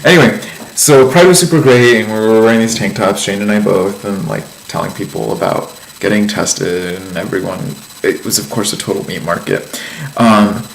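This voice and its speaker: A man's voice: on the low side, moderate pace, vocal fry, a little hiss or hum, poor audio. A man giving a casual vlog life update, telling a story in a chatty, meandering way with lots of ums and likes. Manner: amused storytelling. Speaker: vlogger.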